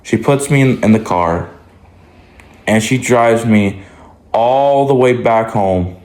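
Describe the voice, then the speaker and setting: A man telling a casual storytime to his followers, rambling and restarting often. His voice sits a bit low, and the recording carries a roomy echo. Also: takes it slowly, a little mellow. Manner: rambling, many likes and restarts. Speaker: vlogger.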